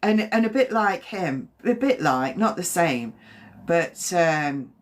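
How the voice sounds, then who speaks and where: A woman with a slightly low voice speaks as a medium on a live stream. She talks haltingly, circling back over her own words, gentle and reassuring in tone. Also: expressive. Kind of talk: live-stream spirit reading.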